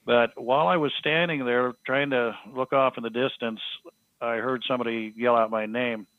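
A man, a podcast guest, telling a story in a halting, earnest way with many restarts. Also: mid-range voice, steady tone, dry recording. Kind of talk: storytelling in an interview. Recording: thin phone-like line, dry.

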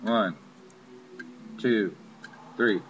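A man's voice: fairly low pitch, very slow, muffled recording, soft background music. A man casually talking through a money spell he performs on camera, offhand and wry, swearing now and then. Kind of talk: casual talk-through of a ritual. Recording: steady background noise.

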